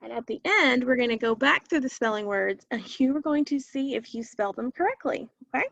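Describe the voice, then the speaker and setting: A woman's voice: a little high, lively intonation, fairly quick, gravelly, fairly bright tone, lo-fi sound. A woman teacher leading a recorded phonics lesson for children, patiently repeating each word for them to echo.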